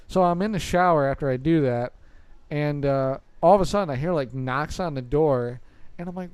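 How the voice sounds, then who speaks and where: A young man co-hosting a podcast, telling a story in a casual, animated, exasperated way and swearing often. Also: fairly high pitch, fairly quick, clean tone, dry recording. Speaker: podcast co-host.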